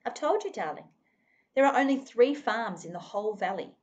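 A woman's voice: on the high side, lively intonation, normal speed, a little mellow, muffled recording, natural voice. A woman voicing a pioneer father who sounds brave and reassuring, forcing cheer.

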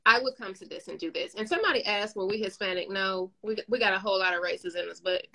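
A woman's voice: mid-range voice, quick pace, rough recording. A woman with a New York accent, a business owner and coach, telling stories in casual conversation and acting out the quotes. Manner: animated storytelling, acts out quotes.

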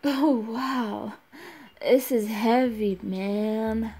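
A woman's voice: high-pitched, lively intonation, a little slow, long pauses, darkish tone, soft background music. A young woman hosting a gaming channel, giggling and talking to herself as she plays. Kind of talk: let's play commentary.

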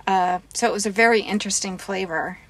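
A woman's voice: medium pitch, quick pace, crowd noise. Chatty woman listing details casually. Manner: chatty, lists details in a matter-of-fact way. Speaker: co-host reviewing breweries. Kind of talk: casual chat.

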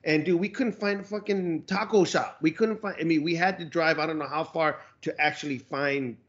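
A man from Arizona co-hosting a podcast, telling stories in a relaxed, slangy way with bits of Spanish slang. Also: on the high side, moderate pace. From Arizona, United States. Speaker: podcast co-host. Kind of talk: casual chat. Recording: muffled lo-fi audio.

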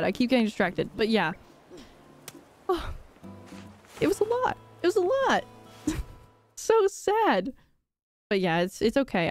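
A young woman with a slightly high voice chats her way through a live game stream. She rambles, laughs easily and lets out theatrical sighs. Soft game music plays faintly underneath. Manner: chatty and rambling, laughs often, dramatic sighs. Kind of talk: casual live-stream gameplay chat.

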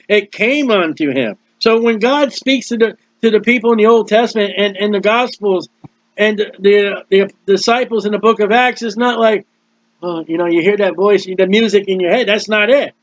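A man's voice: high voice, normal speed, no room sound. A man preaching a sermon, explaining scripture plainly and reading out the verses in turn. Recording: dull dry lo-fi recording.

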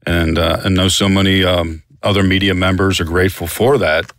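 A man's voice: low-pitched, flat delivery, a little fast, fairly bright tone, dry recording, studio quality. A man hosting a sports history podcast, asking questions and encouraging his guest. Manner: encouraging, brief affirmations. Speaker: podcast host. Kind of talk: interviewer.

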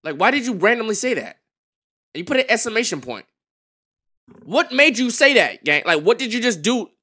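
Guy streamer reacting live, high voice all over the place, dry mic, mumbles then gets loud. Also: fairly quick, slightly rough. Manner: animated, swings from mumbling to loud, talks to chat. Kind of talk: livestream reaction commentary.

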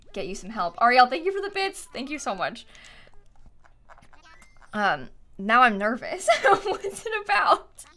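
A woman's voice: fairly high pitch, bright, forceful tone. A young woman streaming live, chatting casually, giggling often and reading her chat aloud with plenty of fillers.

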